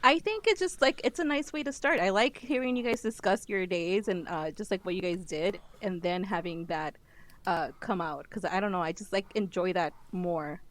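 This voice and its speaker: A woman's voice: lowish voice, moderate pace. Woman chatting with a laugh. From lives in Minnesota. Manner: laughs often, many "like" fillers. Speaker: podcast co-host. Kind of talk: casual chat.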